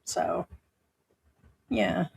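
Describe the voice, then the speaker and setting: Outspoken woman streaming from home, lowish pitch, unfiltered and profane. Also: drawn-out words, creaky, noisy background. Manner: blunt, outspoken, swears freely. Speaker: live-stream host. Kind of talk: casual live-stream chat, reading viewer comments.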